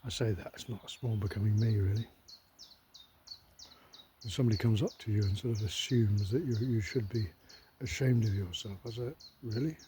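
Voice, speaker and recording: A man's voice: on the low side, fairly even intonation, a little fast, long pauses, noisy background. A man giving a rambling, wry cookery monologue at home, often correcting himself mid-thought. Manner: digressive, self-correcting, wry. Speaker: cookery vlogger.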